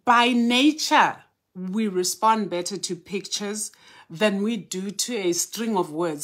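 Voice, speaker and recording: A woman from Southern Africa, a spiritual teacher hosting a live stream, welcomes her viewers individually by name before beginning her teaching. Her voice is mid-range and a bit bright.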